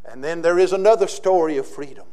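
A Southern US pastor preaches with a notably high-pitched voice. He pushes some lines out loud and forceful, then drops to quiet, drawn-out phrases for emphasis. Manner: emphatic, swings between loud declarations and quiet slowed phrases. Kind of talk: sermon.

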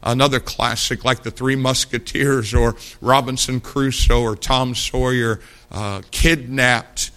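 A man's voice: medium pitch, fairly even intonation, a little slow, a bit bright. A middle-aged man preaching a sermon, telling folksy stories and asking rhetorical questions.

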